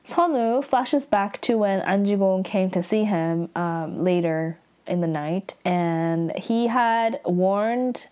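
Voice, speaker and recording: Young woman, casual recap vlog, chatty, lots of "like", reactive asides, mid-pitched. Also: darkish tone, smooth. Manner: chatty, heavy use of "like", quick reactive asides. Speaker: drama recap vlogger.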